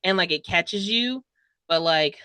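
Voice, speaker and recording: A young woman talks through a book she loved in a loose, gushing vlog style, piling on fillers and dramatic asides. Her voice sits a little low for a woman. The recording is close and dry, with no room sound. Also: lively intonation, a little slow, sharp tone, clean tone, dry recording. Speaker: book reviewer. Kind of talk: casual book review vlog.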